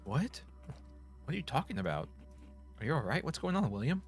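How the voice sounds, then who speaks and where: A man's voice: mid-range voice, expressive, fairly quick, faint music behind, voice pushed up, lightly acted. A man voicing a frightened teenage schoolgirl in a video game, nervous and questioning. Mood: alarmed.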